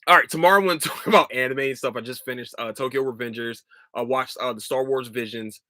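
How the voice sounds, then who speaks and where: A podcast host delivers a casual solo monologue in a bright, forceful voice, recorded close and dry with no echo or room sound. He talks fast and rants with lots of swearing, his pitch jumping when he gets worked up before he laughs it off and drifts into easy chat. His voice is starting to wear thin and give out.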